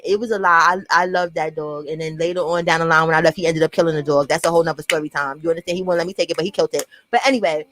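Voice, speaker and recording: A young woman with a New York accent telling a profane, animated storytime and acting out what people said. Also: sits low, rapid-fire, hardly any pauses. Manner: profane, animated, acts out quotes. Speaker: storyteller vlogger. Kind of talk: casual storytime monologue.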